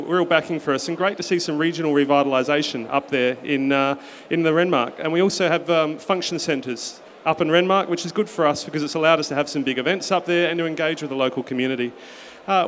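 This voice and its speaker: A man's voice: a little high, fairly bright tone, slight background noise. A man speaking on a panel as a beverage company representative, earnest and promotional, with frequent fillers. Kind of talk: panel talk.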